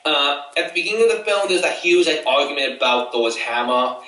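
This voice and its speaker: A man joins a casual movie chat, animated and full of jokes. His voice is mid-pitched but bright and forceful, and it moves a lot in pitch. He sounds far from the mic in a roomy space. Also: brisk. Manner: animated, jokey. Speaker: co-host.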